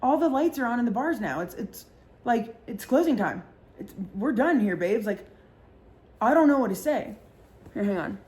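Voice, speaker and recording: A woman's voice: fairly high pitch, animated, normal speed, a little mellow. A woman hosting a podcast, telling a story in casual chat, talking with lots of fillers and swearing freely. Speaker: podcast host.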